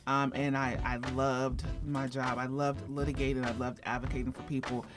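Low-voiced woman attorney chatting on radio. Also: level tone, normal speed, music in the background. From Ohio, United States. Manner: chatty, with many fillers and restarts. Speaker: guest attorney. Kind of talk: casual radio interview.

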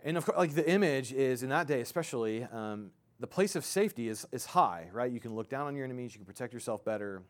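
A man in his thirties preaching a sermon as a pastor, in a conversational, halting way with many fillers and restarts. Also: medium pitch, expressive. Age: 30s.

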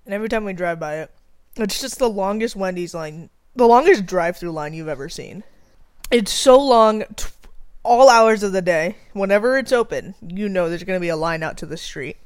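A woman co-hosting a casual podcast chat, animated and easily exasperated. Her voice sits in a middle register and sounds close and dry. She talks with frequent laughs. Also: mid-range voice, normal speed, no room sound. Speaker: podcast co-host. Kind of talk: casual chat, snack taste test.

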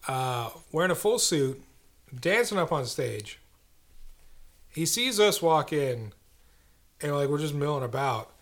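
A man's voice: on the high side, sing-song, measured pace, long pauses, fairly bright tone. A young man, a podcast co-host, telling a story in casual chat with a dry, wry manner.

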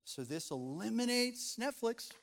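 A man's voice: very high voice, very animated, unhurried, a bit bright, in a large hall. A middle-aged man preaching as a pastor, reading scripture and speaking earnestly and conversationally to his congregation. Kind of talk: sermon.

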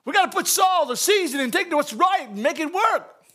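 Guy with a high voice giving a lively church talk, laughs a lot, repeats stuff. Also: moderate pace. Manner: animated, laughs often, repeats phrases. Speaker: church speaker. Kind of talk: lively church message with storytelling.

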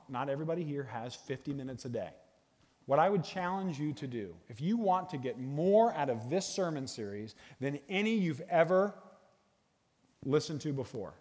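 A middle-aged man giving a guest sermon in a church, animated and jokey, talking to a live audience. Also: medium pitch. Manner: animated, jokey, bursts into sung movie lines. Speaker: guest speaker. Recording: long hall reverb.

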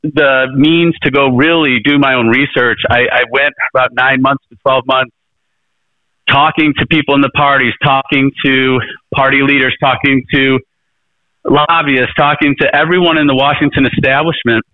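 Speaking at a normal pace in a medium pitch with fairly even intonation, this middle-aged man is a presidential candidate being interviewed. He recounts his story sincerely yet loosely, restarting often and leaning on fillers. The line sounds thin, like a phone, and completely dry with no room sound.

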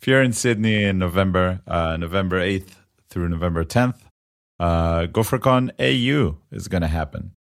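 A man's voice: low-pitched, normal speed, vocal fry. A man co-hosting a casual tech podcast, playful and joking, laughing often and using lots of uh fillers. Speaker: podcast co-host.

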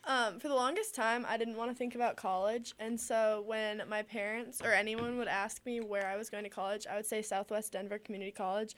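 A woman's voice: mid-range voice, fairly quick, hardly any pauses. A young woman from Minnesota, co-hosting a podcast and telling stories in casual chat, acting out the voices she quotes. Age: young adult. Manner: animated storyteller, acts out quoted voices. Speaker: podcast co-host.

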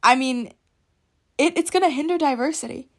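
A woman's voice: high-pitched, normal speed. A young woman hosting a student podcast, giving her opinions in an emphatic, insistent way and repeating points for stress.

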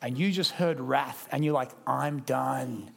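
An Australian man preaching a sermon at a church service, lively and conversational, acting out quick impressions. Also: mid-range voice, gravelly.

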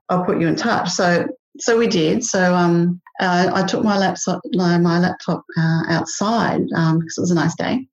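A woman with a fairly low voice tells stories on a podcast in a chatty, rambling way, full of fillers. She laughs easily. The recording sounds a little muffled. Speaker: podcast guest, language learner. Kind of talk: casual storytelling.

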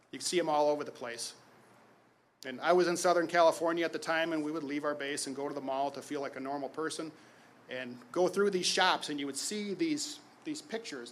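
Fervent man preaching, slightly high voice. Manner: emphatic preaching, swells loud then drops quiet on key phrases. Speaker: pastor. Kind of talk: sermon.

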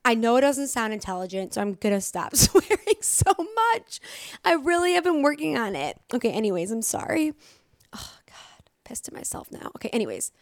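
Her voice sits high as this young recovery vlogger speaks straight to her audience with blunt motivation, swearing a lot and repeating phrases for emphasis. The recording is dry and studio-clean.

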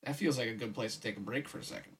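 A man's voice: fairly low pitch, rapid-fire, gravelly, a bit bright, slight background noise. A tired man reading a novel aloud for his podcast, with casual, weary asides. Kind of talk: audiobook-style story reading.

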